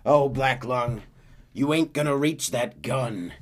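A man voicing a gloating, treacherous outlaw who taunts a dying rival, his voice rising and getting louder. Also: medium pitch, slow pace, pitched above the performer's own voice, lightly acted. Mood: taunting.

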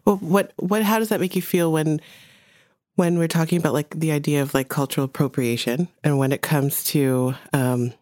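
Animated woman host, dry close sound. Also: low-pitched, normal speed, dry recording. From Jamaica. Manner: animated, acts out quotes, laughs often. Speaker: interview host. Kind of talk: casual chat.

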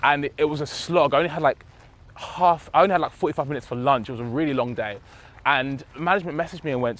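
He speaks quickly in a higher-pitched voice, spinning stories as a guest during a relaxed podcast conversation and imitating each person he quotes with animated flair.

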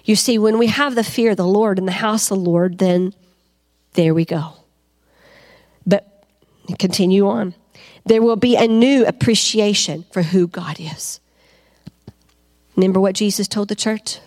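A woman preaching a fervent sermon to a congregation, asking them questions and rising to loud cries. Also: medium pitch, a little slow, long pauses. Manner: asks the crowd questions.

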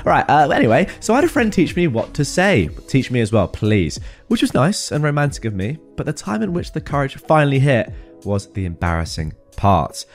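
A reddit storytime host with a brisk, fairly high voice reads posts aloud and adds wry, animated comments, laughing frequently. Faint music plays behind him.

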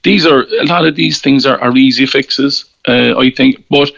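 A man's voice: mid-range voice, fairly even intonation, moderate pace, vocal fry, a bit bright, no echo, highs cut off. A man with an Irish accent, a newspaper columnist guest, talking in a rambling, wry way with repeated words. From Ireland. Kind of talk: casual radio interview.

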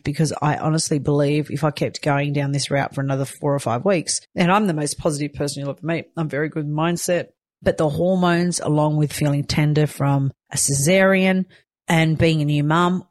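A woman's voice: low-pitched, darkish tone, no echo. Earnest woman, dry close sound. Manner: earnest, heartfelt, addresses viewers directly. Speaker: psychic medium and new mother sharing her story. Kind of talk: casual personal vlog.

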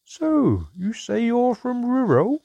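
A man's voice: extremely high pitch, wildly swooping pitch, takes it slowly, gravelly, dark tone, no echo, lo-fi sound, voice pushed up, exaggerated voice. A man doing a shrewd old dwarf innkeeper. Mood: probing.

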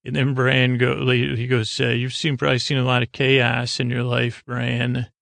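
A man hosting a podcast, casually recapping an episode in a rambling, halting way with many fillers and restarts. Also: medium pitch, completely flat delivery, gravelly, a bit bright, no room sound. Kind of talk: casual sleepy recap monologue.

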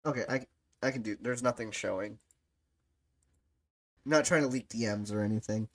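A speaker chatting casually on a livestream podcast, halting and filler-heavy, laughing often. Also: medium pitch. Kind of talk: casual chat.

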